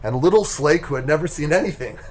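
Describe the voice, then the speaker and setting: A man teaching a Torah class, retelling a story with animated, emphatic delivery. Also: fairly high pitch, fast talker.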